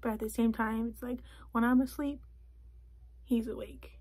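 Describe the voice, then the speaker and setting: A young woman vlogging in a casual chat from a closet at home, talking softly and often slipping into a whisper. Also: on the high side, steady tone, moderate pace. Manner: soft, often drops to a whisper.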